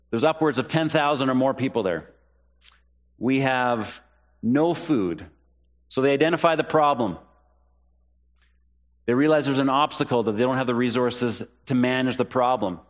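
A pastor preaching a sermon, earnest and repeating key phrases for emphasis. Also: male voice. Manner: rises in pitch when voicing the disciples' questions.

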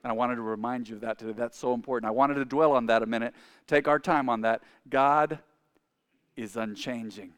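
A pastor preaching a sermon with emphatic, repeated lines. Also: male voice, medium pitch, fairly even intonation, a little fast, fairly bright tone, clear, resonant tone. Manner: preaching with rising, emphatic repetition.

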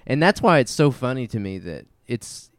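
A man in a casual chat, animated, agreeing often and laughing readily. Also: medium pitch, moderate pace, no room sound, clean studio sound.

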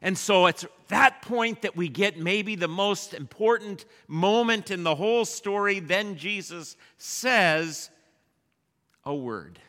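A pastor preaching a sermon, leading his congregation in a repeated refrain. He swings between loud rallying calls and hushed, quiet lines. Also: high voice, takes it slowly. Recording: echoey church hall.

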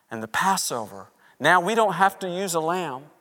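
Animated male preacher in a reverberant hall. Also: sits high, normal speed, hardly any pauses. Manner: animated storytelling, acting out quoted lines. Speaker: pastor. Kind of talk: sermon.

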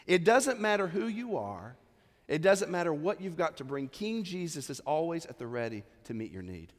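Man, 30s, pastor, sermon, conversational and joking, high voice, reverberant church hall. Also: big pitch swings, normal speed. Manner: conversational preaching with humor and acted-out asides. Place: church sanctuary.

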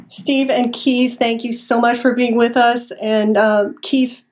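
A woman host speaks with a slightly high voice and gracious, polite phrasing. She reads the program's closing remarks at an even pace. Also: slow pace.

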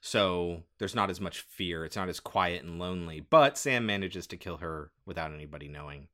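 A man's voice: deep voice, moderate pace, bright, forceful tone. A man co-hosting a casual chat, explaining things and adding film trivia.

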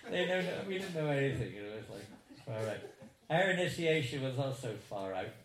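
A man's voice: mid-range voice, lively intonation, a little fast. A man in his seventies telling stories to a live audience in a chatty, chuckling, digressive way. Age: 70s. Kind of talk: anecdotal talk to a live audience. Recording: roomy hall echo, faint noise.

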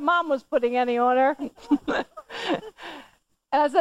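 Middle-aged lady preaching, high bright voice, gets animated and loud telling her story. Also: moderate pace, pauses often, clear, resonant tone, dull audio. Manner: animated, rising high when quoting herself scolding. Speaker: church speaker. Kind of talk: sermon storytelling.

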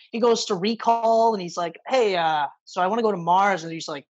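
Husky woman, casual movie chat, cursing, slightly dull lo-fi sound. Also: mid-range voice, moderate pace. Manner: casual, swears often, acts out movie lines. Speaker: podcast co-host.

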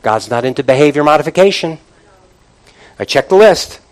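A man preaching a sermon, emphatic and repetitive, often dropping to a low, quiet voice and calling out questions to the congregation. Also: expressive, moderate pace, long pauses, low-quality recording.

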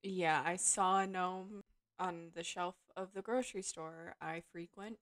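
A woman's voice: on the low side, fairly even intonation, a little slow, a bit bright. A woman co-hosting a casual podcast, laid-back and giggly. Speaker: podcast co-host. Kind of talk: casual chat.

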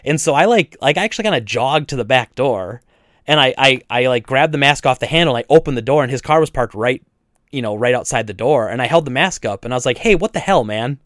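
A man's voice: mid-range voice, quick pace, dry recording, clean studio sound. Indignant man telling a store story. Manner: animated retelling, acts out both sides with frequent restarts. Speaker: video game store owner. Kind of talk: casual storytelling chat.

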